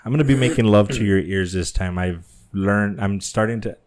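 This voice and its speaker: Male podcast co-host, lower voice, joking and rambling delivery. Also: moderate pace, darkish tone. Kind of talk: casual drunken chat.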